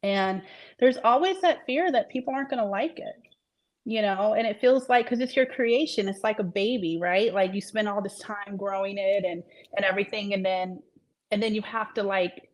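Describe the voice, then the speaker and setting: A woman's voice: mid-range voice, moderate pace. A woman author talking casually in an interview, earnest and reflective, trailing off with fillers as she thinks aloud. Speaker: author guest.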